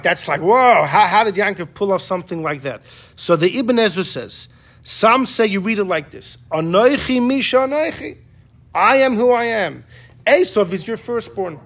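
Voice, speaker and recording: A man teaching a casual Torah class to a group, acting out the quotes as he explains them and often restarting his sentences. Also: high-pitched. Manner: animated, acts out quotes, many restarts. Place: classroom with students.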